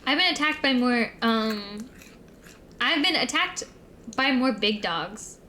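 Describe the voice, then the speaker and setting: A young woman with a high, light voice chats casually as a streamer. She rambles through her story, packing it with fillers and restarts. A faint hiss sits under her voice. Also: lively intonation, slow, pushed and bright. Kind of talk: casual chat.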